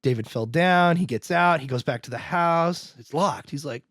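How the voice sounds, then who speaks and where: Animated man recapping a film. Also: fairly high pitch, gravelly, dry recording, clean studio sound. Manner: animated, acts out characters' lines in quick voices; laughs often, trails off and restarts. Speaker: podcast co-host. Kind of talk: casual film recap chat.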